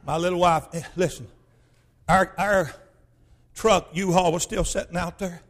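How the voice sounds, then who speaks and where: A male pastor, telling a personal story in a sermon in a folksy, emphatic way that bursts into shouting. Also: high-pitched, fairly even intonation, a little slow.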